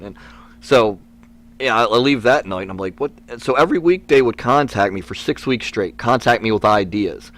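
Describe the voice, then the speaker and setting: A man telling a rambling, lively story. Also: medium pitch, brisk. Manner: lively, rambling anecdote with many fillers and restarts. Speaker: wrestler guest. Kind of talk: storytelling in a podcast interview.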